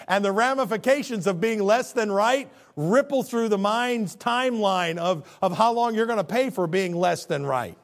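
Male pastor, sermon, high voice, very animated pitch, folksy, dramatic loud-to-hushed swings. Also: unhurried. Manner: folksy, conversational preaching.

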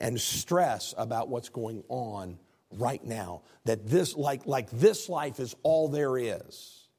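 A male pastor preaches earnestly, reading scripture aloud. His voice has a gravelly, husky grain at a middling pitch, and he often stumbles over repeated words. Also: mellow. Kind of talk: sermon.

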